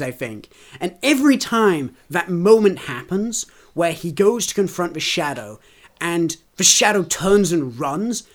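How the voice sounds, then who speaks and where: A man co-hosting a podcast, enthusiastic and affirming, who sometimes stumbles over his words in a casual book discussion. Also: high voice. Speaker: podcast co-host.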